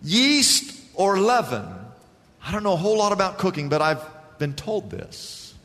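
A man's voice: sits high, sing-song, a little slow, fairly bright tone. A man preaching a sermon in a church, emphatic and calling for responses from the congregation, stretching out key words. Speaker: pastor. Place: church sanctuary. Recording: church hall reverb.

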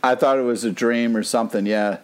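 A man's voice: medium pitch, fairly even intonation, a little fast. Enthusiastic, filler-heavy male podcaster. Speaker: podcast co-host. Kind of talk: casual chat.

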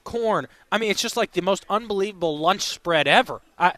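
A man's voice: high voice, a little fast, sharp tone, no echo. A man hosting a live sports radio show, upbeat and chatty, reading out phone numbers between talk. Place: radio row at a sports event.

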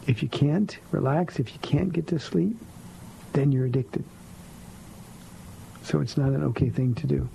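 A man's voice: a little high, gravelly, warm tone, slight background noise, low-quality recording. A man hosting a radio call-in show as a pastor, answering listener questions about faith in a firm, blunt, plainspoken way from a studio.

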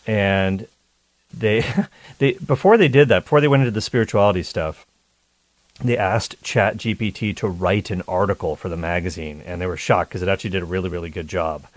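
A man's voice: low voice, a little fast, dry recording. A man hosting a call-in radio talk show, chatty and joking with his listeners. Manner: chatty, jokey, upbeat.

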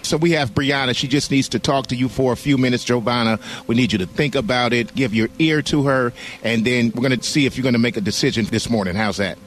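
A man's voice: medium pitch, fast, few pauses. A man hosting a radio morning show, upbeat and joking as he introduces callers.

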